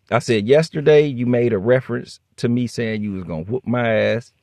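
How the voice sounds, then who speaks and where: A man's voice: medium pitch, no room sound, studio quality. A man casually telling a workplace story straight to the camera, blunt and profane, acting out both sides of the dialogue. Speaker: vlogger.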